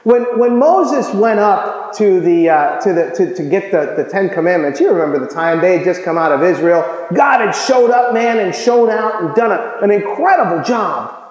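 Male preacher, high and very animated, playful storyteller; echoey hall, dull lo-fi recording. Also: normal speed, hardly any pauses. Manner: animated, acts out dialogue with funny voices. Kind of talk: sermon.

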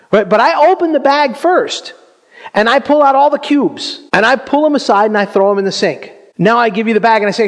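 A man preaching a sermon in an animated, conversational way, full of asides and questions to the congregation. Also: very high voice, a little fast, big-room sound. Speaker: pastor.

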